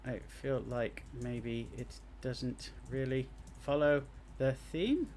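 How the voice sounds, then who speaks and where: A man giving live gameplay commentary as he streams and reviews game jam entries, excitable and thinking aloud as he plays. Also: medium pitch, slow pace, a little hiss or hum. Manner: excitable, talks to himself while playing.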